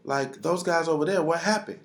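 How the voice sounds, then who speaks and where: A woman's voice: deep voice, fairly quick. A man voicing a nosy, caring older woman neighbor who fusses over everyone in a motherly way. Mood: reassuring. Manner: fussy, motherly. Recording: roomy hall sound.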